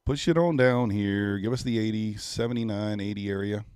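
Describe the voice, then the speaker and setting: Low-voiced guy in his 30s chatting to viewers while he trades live, laid-back, dry close mic. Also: normal speed, a little mellow, smooth, dry recording. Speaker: livestream day trader. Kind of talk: casual live-stream commentary.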